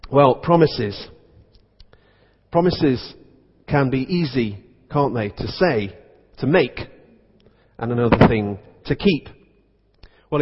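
A man's voice: medium pitch, slightly rough. A man serving as vicar, preaching a sermon in a conversational storytelling manner. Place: church. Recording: dull recording in echoey church.

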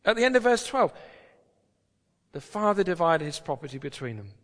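A man's voice: fairly high pitch, big pitch swings, moderate pace, fairly bright tone, big-room sound. A British man preaching a sermon in a church, talking in a conversational, emphatic way with rhetorical questions.

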